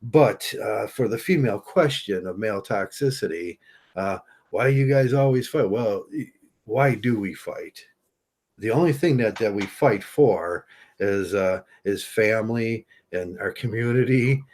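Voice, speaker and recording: A man talking through a rambling opinion monologue to camera, halting with many restarts. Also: fairly low pitch, darkish tone. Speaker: vlogger.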